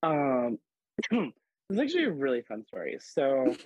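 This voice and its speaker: A man guest on a podcast, chatting casually and telling animated stories full of "like"s. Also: medium pitch, measured pace, slightly rough, no room sound, low-quality recording. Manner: animated, filler-heavy storytelling with many "like"s. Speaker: podcast guest, drag performer. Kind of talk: casual storytelling chat.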